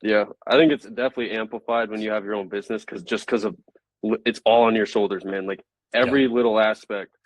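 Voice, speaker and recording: A man interviewing a guest in a relaxed, agreeable casual chat. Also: fairly low pitch, fast, dry recording.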